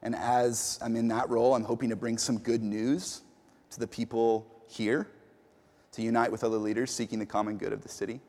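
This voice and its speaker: A man delivers a sermon as the community's pastor. He talks in an easygoing, chatty way, stumbling and repeating words as he tells a story. His voice sits at an ordinary middle pitch and carries a long reverb from a large hall. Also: level tone, brisk, a little mellow. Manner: conversational storytelling with fillers and repeats.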